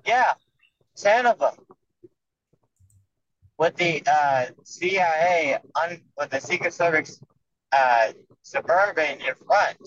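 A man guesting on a casual podcast, telling a story haltingly with fillers. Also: a little high, lively intonation, fairly bright tone. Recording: dull lo-fi remote audio.

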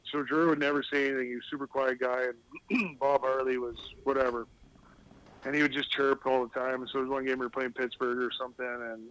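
A man's voice: mid-range voice, fairly bright tone, no room sound, poor audio. Rambling storyteller man, dry close mic. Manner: rambling storyteller, laughs at his own stories. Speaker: guest, retired hockey player. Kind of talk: casual podcast interview.

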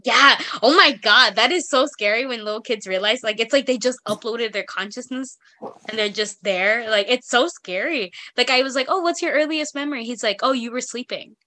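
A woman's voice: fairly high pitch, normal speed, bright, forceful tone. A young woman co-hosting a podcast, telling rambling stories with lots of fillers. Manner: chatty, rambling storyteller with many fillers. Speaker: podcast co-host. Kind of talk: casual chat.

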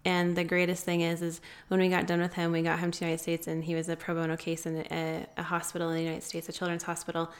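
A woman guest telling a long story in an interview, earnest and pausing often with fillers. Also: lowish voice, completely flat delivery. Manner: earnest, many filler pauses. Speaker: guest, founder of an anti-trafficking group.

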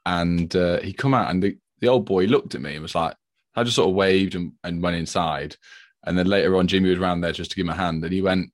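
Deep-voiced man, rambling chat. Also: fast talker, no room sound, studio quality. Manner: chatty, rambling storyteller. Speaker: podcast co-host. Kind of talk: casual chat.

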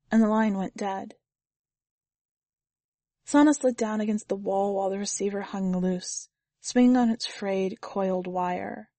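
A woman reading a short story aloud as the podcast's editor, in a measured storytelling manner. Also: medium pitch, dark tone, no room sound. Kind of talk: scripted fiction narration.

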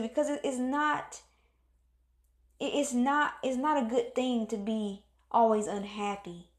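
Woman, casual motivational talker, earnest and repetitive, a bit high, echoey room. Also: steady tone, a little slow. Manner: earnest, repetitive, encouraging, acts out moods. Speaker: motivational speaker.

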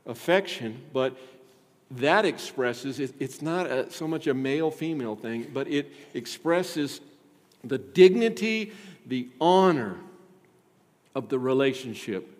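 A male pastor delivering an emphatic sermon in a church, asking the congregation rhetorical questions. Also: mid-range voice. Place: church sanctuary. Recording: long hall reverb from a church.

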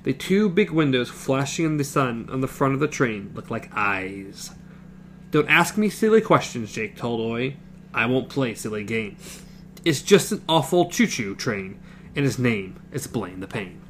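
Lively man chatting and reading aloud. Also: medium pitch, unhurried, slight background noise. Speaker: book club co-host reading aloud. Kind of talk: casual book discussion with read-aloud passages.

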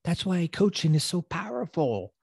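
A man's voice: fairly high pitch, very animated, normal speed, vocal fry, a little mellow, slightly rough, no room sound, studio quality. A middle-aged man hosting a motivational coaching podcast, emphatic and casual, often repeating phrases for effect. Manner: casual, loose grammar.

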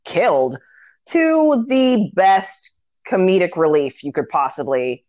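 A woman tells a film story with relish, jumping into the characters' lines and cursing freely. Her voice sits a touch low and sounds close and dry. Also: slow, no room sound, highs cut off. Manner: animated storytelling with acted-out quotes and swearing. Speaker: podcast host. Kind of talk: casual chat retelling a film.

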